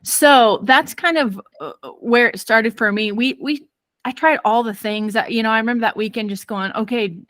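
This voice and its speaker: A woman parenting expert telling a personal story in an interview, lively and acting out quoted voices. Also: on the high side, moderate pace, dry recording. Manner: many fillers and restarts.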